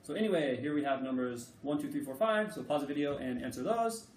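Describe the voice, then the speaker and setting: A man teaching a casual language lesson, relaxed and full of fillers, repeating words slowly for learners. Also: on the high side, a little hiss or hum. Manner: frequent fillers like okay and uh. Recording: echoey room, mic at a distance.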